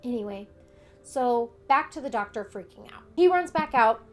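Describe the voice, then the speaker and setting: A young adult woman vlogger tells a personal story in casual, candid conversation, acting out what other people said with quoted dialogue. Her voice is fairly high with lively intonation, and she talks at a normal speed.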